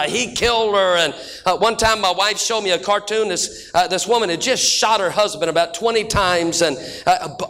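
A middle-aged male pastor preaching a sermon full of folksy jokes and stories, speeding up and then slowing down for emphasis. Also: high-pitched, bright, forceful tone. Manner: folksy joking preacher, shifting between quick and slow drawn-out delivery.

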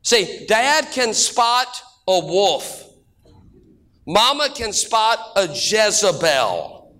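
A middle-aged male pastor preaching a sermon full of folksy jokes and stories, speeding up and then slowing down for emphasis. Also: high-pitched, sing-song, sharp tone. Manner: folksy joking preacher, shifting between quick and slow drawn-out delivery.

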